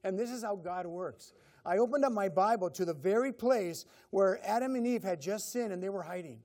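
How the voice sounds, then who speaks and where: A man's voice: high voice, fairly quick, a little mellow. A middle-aged man preaching a sermon in a conversational way, repeating key phrases. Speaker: pastor.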